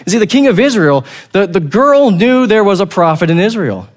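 A man preaching a sermon, retelling a scripture story with lively acted-out voices and frequent repeated words. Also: sits high, brisk, few pauses. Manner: animated storytelling, acting out the characters; repeats words while finding the thought. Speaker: pastor.

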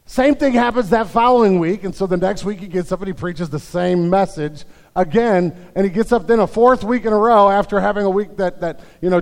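A man with a high voice preaches to his congregation, telling a story with humor and many restarts. His voice carries a long reverb from the church sanctuary. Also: darkish tone. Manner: storytelling with jokes, frequent restarts. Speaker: pastor. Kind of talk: sermon.

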